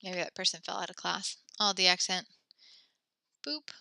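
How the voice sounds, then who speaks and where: Bright-toned woman teaching French online. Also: on the low side, little pitch movement, gravelly, no echo. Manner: patient, encouraging, reads French slowly.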